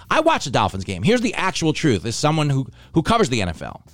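A man's voice: medium pitch, wildly swooping pitch, fast, few pauses, a bit bright, no room sound, faint music behind. A man from Long Island, hosting a casual comedy show, joking and sarcastic about himself and the news. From Long Island, New York. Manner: joking, sarcastic, self-deprecating. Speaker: podcast host.

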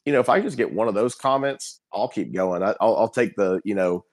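A middle-aged man with a lowish voice talks loosely as a podcast guest. He rambles and restarts often, coming through on a remote call. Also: fairly quick. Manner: rambling, many restarts and "you know". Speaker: guest firefighter captain. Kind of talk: casual podcast chat.

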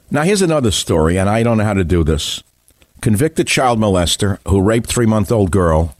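A man's voice: low-pitched, darkish tone, no room sound. A man hosting a talk radio show, delivering a combative, scornful political monologue with heavy emphasis. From United States.

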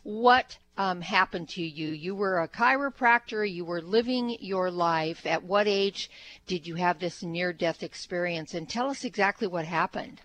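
Low-voiced woman asking interview questions. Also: measured pace, fairly bright tone, low-quality recording. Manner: prompting, asking short questions. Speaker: interviewer host.

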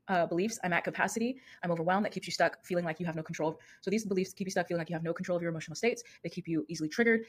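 Woman in her thirties, solo podcast host and coach, rapid earnest delivery, somewhat low voice. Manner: earnest, fast-talking, repeats and rephrases herself.

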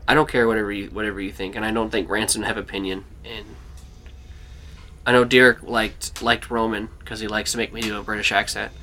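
Young man, bright tone, easygoing game master for a tabletop session. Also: fairly low pitch, a little fast, a little hiss or hum. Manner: relaxed, many fillers and restarts.

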